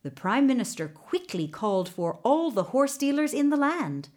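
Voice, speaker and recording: A woman's voice: on the high side, big pitch swings, moderate pace, a little mellow. A woman storyteller reading a folk tale in scripted narration.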